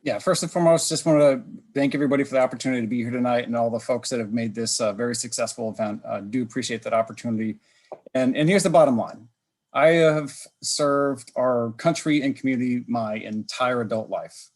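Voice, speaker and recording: A man gives a campaign pitch as a county council candidate. His voice is mid-pitched and his delivery is direct and determined. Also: a little fast, a little mellow. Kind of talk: campaign speech at a candidate forum.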